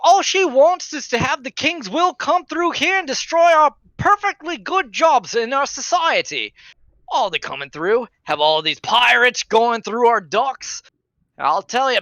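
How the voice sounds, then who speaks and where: A man's voice: very high-pitched, bright, forceful tone, no room sound, pitched above the performer's own voice, heavily acted. A man voicing a drunk, belligerent middle-aged male guard with slurred speech and a boastful, sneering manner.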